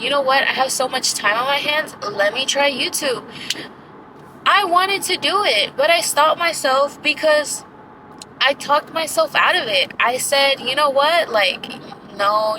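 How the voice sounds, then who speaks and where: A woman's voice: sits high, background noise. A woman in her twenties venting in a candid vlog, rambling and emotional, swearing casually and filling her talk with "dude" and "like". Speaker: vlogger. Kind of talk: candid talking-to-camera vlog.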